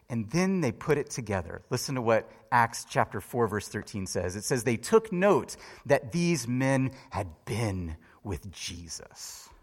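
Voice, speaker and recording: Lively preacher man in a reverberant hall. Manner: storytelling, swinging from loud lively peaks to hushed low lines. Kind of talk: sermon.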